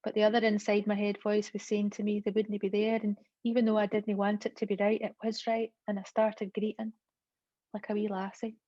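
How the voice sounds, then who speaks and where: A lonely five-year-old Glasgow girl tells her own story in a Glaswegian accent, as a woman reads her aloud. The telling is childlike and even, kept flat in pitch. It comes through a dull, lo-fi, dry recording. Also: brisk, no room sound, close to an everyday voice. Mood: wistful. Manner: childlike first-person storytelling. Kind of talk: reading aloud from a novel.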